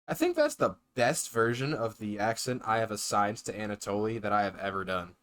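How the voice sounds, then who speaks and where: A streamer reading a game aloud and chatting on a live stream, excitable and talkative. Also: mid-range voice, brisk, few pauses. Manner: animated, exclaims and chatters between reading.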